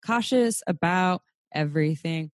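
Young woman hosting a podcast, lower voice, gets worked up and curses a lot, dry mic. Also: dry recording. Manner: animated, swearing, quick pitch jumps. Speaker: podcast host. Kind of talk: casual podcast chat.

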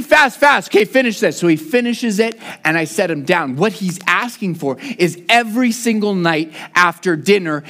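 A young adult man preaching a sermon, praying and telling a lively family story, sometimes shouting as he acts it out. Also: a little high. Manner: animated storytelling, shouting when acting out his son. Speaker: pastor.

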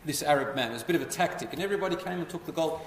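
A man telling a history story as a lecture, animated and putting questions to his listeners. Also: on the high side, rapid-fire. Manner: animated, asks the audience questions. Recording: echoey hall, voice from far off.

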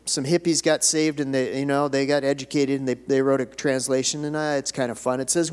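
A man's voice: a little high, level tone, brisk, few pauses, clean tone. Folksy older male pastor in a hall. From United States. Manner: folksy, conversational, rising to emphatic declarations. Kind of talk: sermon. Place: church sanctuary. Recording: reverberant church hall.

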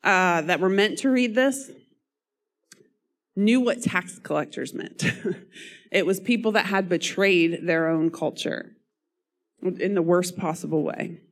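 A woman's voice: fairly low pitch, slow, long pauses. A woman preaching a sermon while losing her voice; she talks earnestly, coughing and laughing between phrases.

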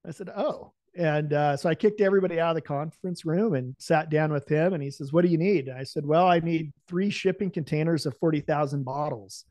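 A man's voice: fairly high pitch, a little fast, few pauses, no room sound. A man, a podcast guest, telling a personal story and acting out the dialogue with laughs. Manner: animated, acts out the dialogue of his story with lively laughs.

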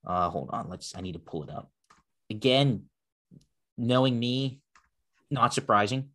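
A man chatting casually about cars as co-host, relaxed and full of quick restarts. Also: mid-range voice. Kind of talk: casual car chat.

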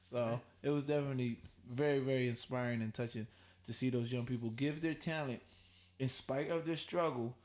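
Male podcast host, casual round-table chat, animated, laughs a lot. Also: mid-range voice, brisk. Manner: animated, laughs easily, mock voices when quoting.

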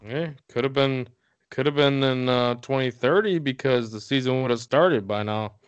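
A man's voice: medium pitch, normal speed, smooth, muffled recording. A man co-hosting a podcast, chatting casually, rambling through stats and laughing often. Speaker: podcast co-host. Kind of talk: casual chat.

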